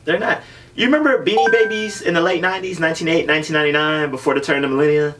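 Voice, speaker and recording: A man's voice: a little high, racing, distant mic, over music. Joking man hosting a podcast. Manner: joking, riffing banter. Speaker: podcast host. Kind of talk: casual podcast chat.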